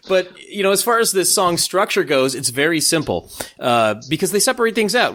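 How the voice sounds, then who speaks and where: A man with a fairly high, sing-song voice co-hosts a music podcast, chatting casually about music at a moderate pace. His tone is fairly bright and the studio recording is clean with no echo. He sounds enthusiastic and a little nerdy, teasing himself and breaking into small laughs.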